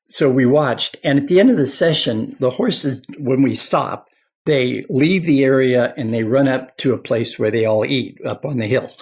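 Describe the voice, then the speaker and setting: An older man, a clinical psychologist, is a guest in an interview and tells stories in an earnest, anecdotal way. His voice sits in the mid-range and sounds a little mellow and husky.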